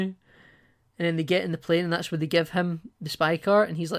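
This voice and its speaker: A woman with a low voice, chatting casually as a podcast co-host. She retells a film scene by scene, breaking into quick quoted lines from the characters as she goes. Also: steady tone. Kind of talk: casual film recap chat.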